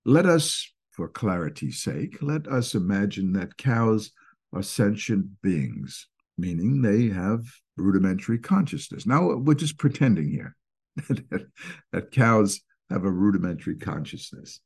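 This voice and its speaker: A low-voiced man with a husky edge, speaking with a Northeastern US accent. He talks through his points like an informal lecture, slipping into little acted-out scenes to make them vivid. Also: measured pace. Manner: animated, acts out little quoted scenes. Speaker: speaker explaining stress and anxiety.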